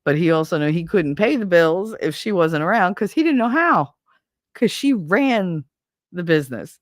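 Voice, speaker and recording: A middle-aged woman with a New York accent, hosting a casual chat and telling stories with lots of swearing and lively impressions of neighbors. Her voice sits low, and the sound is dry and close, with no room echo. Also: moderate pace. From Brooklyn, New York. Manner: animated, profane, acts out neighborhood voices. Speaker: show host.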